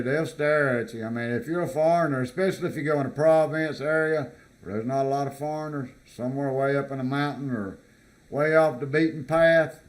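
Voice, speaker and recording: A man from the United States with a medium-pitched voice vlogs in a casual, halting way. He reads items from a list and comments on them, repeating words and using fillers.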